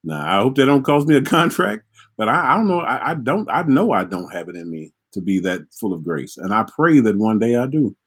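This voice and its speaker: A man's voice: fairly low pitch, very animated, a little fast, breathy edge. A man co-hosting a talk show, speaking in a heartfelt, hesitant way. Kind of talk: casual talk show conversation.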